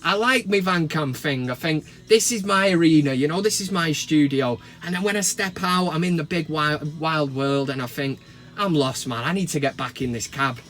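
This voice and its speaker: Man, Mancunian accent, middle-aged, comic van rant to camera, fairly high voice. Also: normal speed, soft background music. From England. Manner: swears and mock-shouts in outbursts. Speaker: vlogger. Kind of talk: casual comedic rant to camera. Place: parked van cab.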